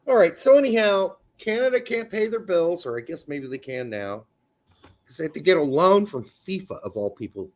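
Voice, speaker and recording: A man's voice: sits high, expressive, moderate pace. A man co-hosting a casual soccer podcast, ranting with plenty of profanity. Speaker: podcast co-host. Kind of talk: casual sports chat.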